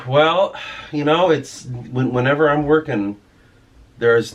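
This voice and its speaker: A man of average pitch rants casually to his camera, rambling through his thoughts and swearing freely. He sounds frustrated but keeps talking in a loose, conversational flow. A faint ambient hum sits behind his voice. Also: takes it slowly, long pauses. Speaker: vlogger and writer. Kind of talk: casual ranting vlog.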